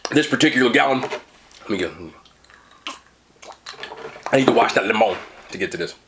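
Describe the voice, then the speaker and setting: A man in his thirties hosts a mukbang, chatting to camera in a chatty, upbeat way and speaking directly to viewers while he eats. His mid-range voice is fairly bright, with lively intonation at a normal speed, over slight background noise.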